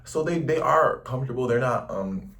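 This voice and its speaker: Indoors at a Paris lodging, a young US travel vlogger chats to camera in an animated, rambling, slangy way, saying "like" constantly. His medium-pitched, slightly bright voice moves at a moderate pace, picked up by a distant mic with slight background noise.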